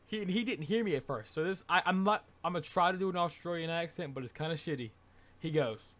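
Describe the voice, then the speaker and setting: A young man telling a casual, rambling vlog story, excitable and full of filler words. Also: fairly high pitch, fast. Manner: excitable, rambling, says dude and like a lot. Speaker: vlogger.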